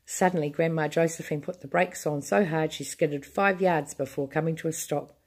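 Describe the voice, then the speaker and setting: A woman reading a children's book aloud to a child in an expressive, unhurried way. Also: sits low, husky.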